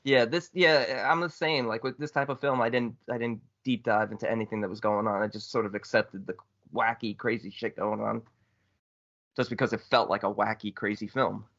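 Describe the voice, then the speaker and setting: A man co-hosting a horror movie podcast, talking in an excitable, casual way, swearing freely and restarting his sentences. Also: on the low side, fairly quick, lo-fi sound. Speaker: podcast co-host. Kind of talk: casual chat.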